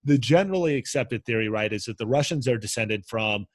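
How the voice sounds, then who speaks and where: A man co-hosting a podcast, teaching history in a relaxed, rambling way with lots of fillers, on a close mic. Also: mid-range voice, fairly quick, no echo. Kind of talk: casual podcast chat.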